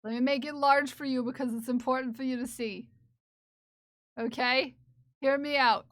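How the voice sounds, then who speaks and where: A woman's voice: sits high, steady tone, moderate pace, a bit bright, dry recording. A woman live streamer chatting casually and playfully with her viewers, often giggling and teasing. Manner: playful, giggly, talks to chat. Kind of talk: casual livestream chat.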